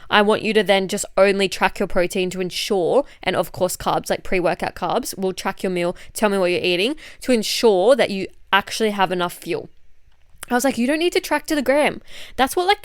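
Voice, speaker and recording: A woman's voice: mid-range voice, clean tone, no echo, clean studio sound. Blunt, sweary Australian woman coach. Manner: blunt, chatty, swears a lot, lots of "like". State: unwell. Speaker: fitness coach and podcast host. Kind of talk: casual chat monologue.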